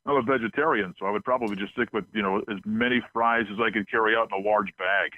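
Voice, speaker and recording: A man who works as a newsman, judging a comedy show with deadpan, unhurried answers. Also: on the low side, dry recording. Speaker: newsman serving as judge. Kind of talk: dry banter. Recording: phone-like, dry line.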